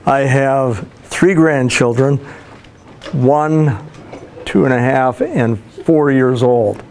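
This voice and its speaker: A man's voice: medium pitch, takes it slowly, darkish tone, slight background noise. A man in his sixties, a school counselor, telling folksy stories with fillers and restarts as a guest speaker in a classroom. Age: 60s. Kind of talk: motivational talk to students.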